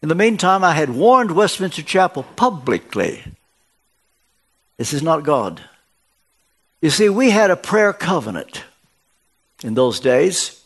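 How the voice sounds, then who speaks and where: Older preacher telling a story, fairly high voice. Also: male voice, very animated, normal speed, a bit bright, slightly rough. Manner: storytelling, acts out dialogue with shifts of pitch. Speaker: guest preacher. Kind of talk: sermon. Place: church.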